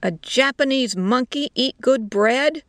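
Woman doing hostile male soldiers, shouting, blunt, gravelly, dry close sound. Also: medium pitch, measured pace, dry recording.

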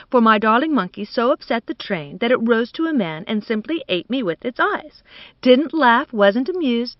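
A woman's voice: fairly high pitch, dry recording, dull audio. A woman voicing a flamboyant society woman who gushes in effusive, drawling exclamations.

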